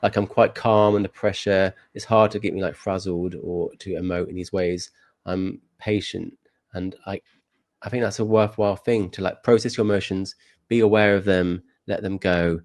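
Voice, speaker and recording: A young man speaking as a podcast guest, reflective and measured, hedging his points in casual conversation. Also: low-pitched, steady tone, darkish tone, no echo. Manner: reflective, measured, with many hedges.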